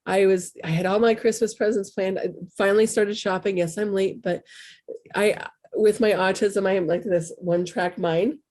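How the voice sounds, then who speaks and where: A woman's voice: mid-range voice, fairly even intonation, normal speed, darkish tone. A middle-aged woman talking candidly in a casual, rambling way as a spiritual coach hosting a show. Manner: candid, rambling, self-deprecating. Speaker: spiritual coach and podcast host. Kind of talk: casual heartfelt talk.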